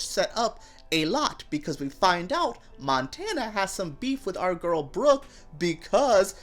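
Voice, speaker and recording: Animated gossipy woman reviewing TV. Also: lowish voice, unhurried. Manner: animated, gossipy and campy, with playful voices for quotes. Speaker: TV review show host. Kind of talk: casual TV review vlog.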